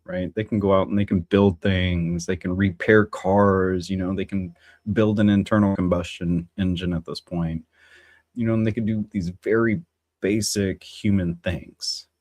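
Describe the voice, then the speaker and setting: This livestream host has a low, darkish voice with a steady tone and speaks at normal speed, recorded dry. Alone on a casual stream, he muses philosophically in a rambling way, with many fillers, restarts, and chatty remarks to viewers.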